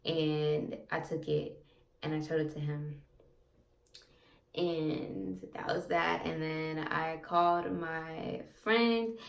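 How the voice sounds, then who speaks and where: Gravelly-voiced young woman chatting off-mic. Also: lowish voice, far from the mic. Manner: chatty, repeats herself, lots of "like" and "um". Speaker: vlogger. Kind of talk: casual storytelling to camera. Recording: echoey room, off-mic.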